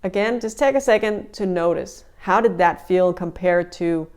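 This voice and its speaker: A woman with a smooth, resonant voice talks listeners through a breathing exercise. She sounds gentle and a little out of breath, and she often restarts her sentences as she explains each step. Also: on the low side, normal speed. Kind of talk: guided breathing lesson.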